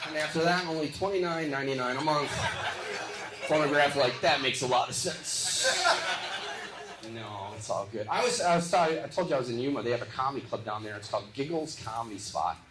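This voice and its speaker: A man from the Midwest doing live stand-up comedy, joking back and forth with audience members in quick, punchy bits. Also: mid-range voice, animated. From Midwest of the United States. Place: live comedy show venue. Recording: echoey live venue with loud crowd noise. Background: audience laughter and applause.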